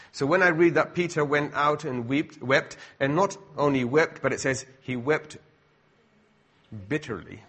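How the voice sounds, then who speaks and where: A man's voice: mid-range voice, bright, forceful tone, breathy edge. A middle-aged man preaching a sermon in a conversational way, full of asides and rhetorical questions.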